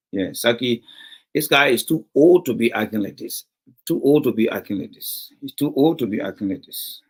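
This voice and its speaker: A middle-aged Liberian man with a Liberian English accent hosts a livestream, reads viewer comments and scolds a commenter over and over with emphasis. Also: mid-range voice. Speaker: livestream host reading comments. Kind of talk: casual livestream talk.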